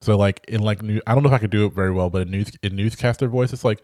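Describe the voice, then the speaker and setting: Animated podcast co-host with a low voice. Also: male voice, very fast, hardly any pauses, no room sound, studio quality. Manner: animated, dramatic storytelling. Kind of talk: casual chat.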